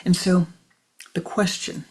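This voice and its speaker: In a meditative teaching, a spiritual teacher speaks slowly and deliberately, repeating phrases for emphasis and frequently dropping into a breathy near-whisper. Listeners are tenderly addressed as "my beloved".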